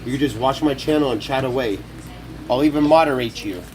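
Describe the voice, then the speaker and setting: A man's voice: mid-range voice, brisk, darkish tone, slight background noise. A young man live-streaming from his kitchen on his phone, talking rowdy and profane while he cooks. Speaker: livestreamer. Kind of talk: casual live-stream talk while cooking.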